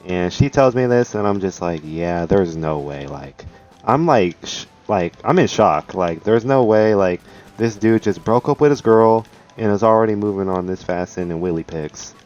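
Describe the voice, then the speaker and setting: A man's voice: on the low side, lively intonation, moderate pace, a little mellow, dull audio. Rambling young man telling a story. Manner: rambling, profane, full of "like". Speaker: live streamer. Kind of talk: casual storytime chat. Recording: faint music in the background.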